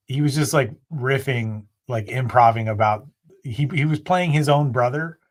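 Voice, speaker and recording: A man's voice: medium pitch, moderate pace. A man co-hosting a podcast in casual chat, telling anecdotes and acting out the quotes. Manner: animated storyteller acting out quotes. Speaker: podcast co-host.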